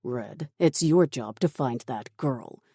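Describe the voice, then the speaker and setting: Casting: narrator doing a cold, dismissive commander, slow and dark, menace kept quiet. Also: mid-range voice, animated, breathy edge, no echo, studio quality, exaggerated voice. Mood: menacing. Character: ruthless calm male military commander.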